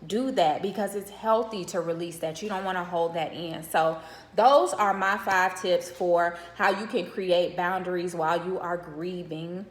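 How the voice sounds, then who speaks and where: A middle-aged woman, a widow, giving direct, earnest advice in a vlog, counting off her tips and checking in with the viewer. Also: fairly low pitch. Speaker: widow sharing grief advice. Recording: roomy echo.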